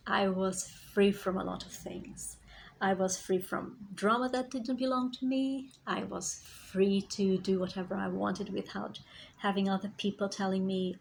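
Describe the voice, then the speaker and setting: A woman speaks in a slow, unhurried way as a spiritual healer sharing her own journey. Her mid-range voice carries a gravelly edge, and she often softens into a near whisper. Faint hiss sits under the recording. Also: mid-range voice, low-quality recording. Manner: reflective, slow, sometimes drops to a whisper. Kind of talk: personal storytelling vlog.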